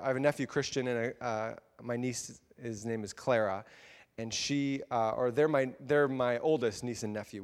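A man preaching a sermon, earnest and halting, often breaking off and restarting his sentences. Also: medium pitch, big-room sound. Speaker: pastor.

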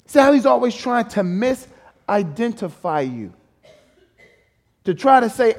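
A male guest preacher with a voice pitched high for a man. He preaches emphatically and fires rhetorical questions at the room. He keeps calling on the congregation to answer back. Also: big pitch swings, moderate pace, long pauses, a little mellow. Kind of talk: sermon.

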